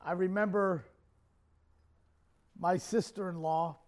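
A man's voice: high-pitched, steady tone, takes it slowly. A man preaching a sermon, telling a homely story with a folksy, chuckling manner. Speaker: pastor.

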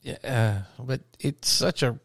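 A man's voice: medium pitch, unhurried, creaky, slightly rough, no echo. Middle-aged man, casual storyteller, laughs as he talks, dry close sound. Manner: animated storyteller, laughs while talking. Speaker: podcast co-host. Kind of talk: casual chat.

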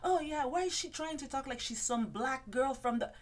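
A scornful older socialite woman speaks in a high, sneering sing-song that drips with mockery, performed by a woman telling a story. Her voice sits well above normal speech and comes out loud. It is a quick impression done within a gossip commentary. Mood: mocking.

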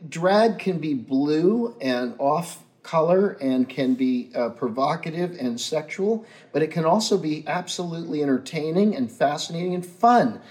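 Man, interview guest, slightly high voice, earnest, musing, declarative. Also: animated, unhurried, few pauses, a little mellow. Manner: earnest, musing, speaks in pronouncements. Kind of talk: casual unscripted interview.

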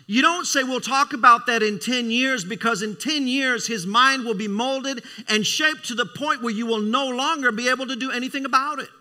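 A middle-aged male preacher with a high, very bright, cutting voice. He preaches emphatically, repeats his phrases for weight and keeps asking the congregation for an amen. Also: moderate pace, few pauses. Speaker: preacher, Christian school leader. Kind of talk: sermon.

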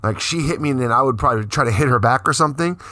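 A middle-aged man co-hosting a podcast, telling a story in a profane, animated way and acting out the quotes. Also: mid-range voice, racing, no room sound. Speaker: podcast co-host. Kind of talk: casual storytelling chat.

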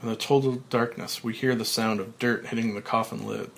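A man hosting a podcast, reading a screenplay's stage directions aloud in a plain, even way with small slips. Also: fairly low pitch, a little fast, gravelly. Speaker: podcast host.

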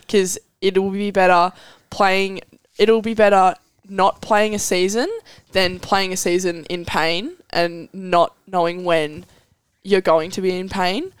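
A teenage Australian girl chatting casually as a podcast host, rambling and giggly. Her voice is smooth and clear, recorded close and dry with no room sound. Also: mid-range voice, fairly even intonation, unhurried, hardly any pauses, no echo. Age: teens. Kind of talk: casual chat.

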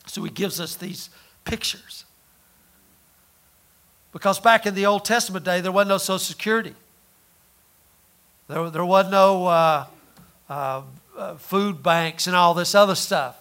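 A man preaching a sermon in a folksy way, full of rhetorical questions and repeated words, rising loud and dropping soft. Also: high-pitched, measured pace, pauses often.

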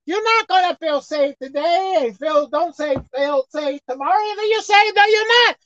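A woman preacher delivering a sermon, swinging between loud emphatic outbursts and quiet asides. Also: very high-pitched, expressive, normal speed, dry recording. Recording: dull lo-fi dry sound.

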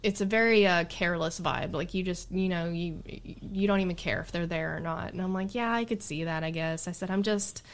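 A middle-aged woman, a Bigfoot researcher, telling a story in casual chat, animated and exasperated, laughing now and then. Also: on the low side, fairly quick, few pauses.

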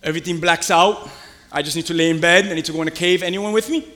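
Male pastor, bright high voice, lively call-and-response sermon, church hall echo. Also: fast talker. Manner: animated, conversational preaching with call-and-response questions.

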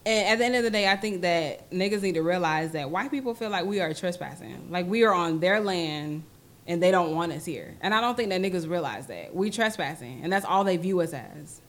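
Woman co-host, lowish voice, emphatic chatter. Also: expressive, brisk. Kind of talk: casual group chat.

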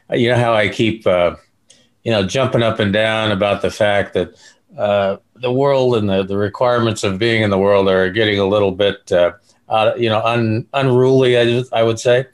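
An older man co-hosting a casual podcast, halting and searching for words as he talks. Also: on the low side, fairly even intonation. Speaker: broadcast engineer, co-host.

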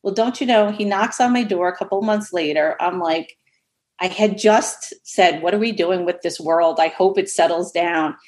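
A woman guest on a podcast, telling a rambling, animated story in casual chat. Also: on the low side, normal speed.

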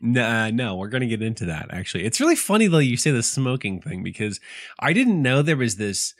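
A man's voice: medium pitch, a little fast, dry recording, clean studio sound. A man co-hosting a casual book chat, talking with lots of restarts and laughs. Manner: animated, laughing, many restarts. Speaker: podcast co-host.

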